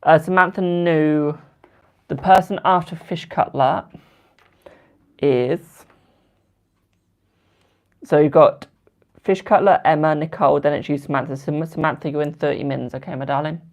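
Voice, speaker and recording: A man's voice: fairly high pitch, fairly even intonation, a little slow, pauses often. A British man doing tarot readings on a live stream, chatting with viewers and calling them "my darling". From United Kingdom. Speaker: tarot card reader.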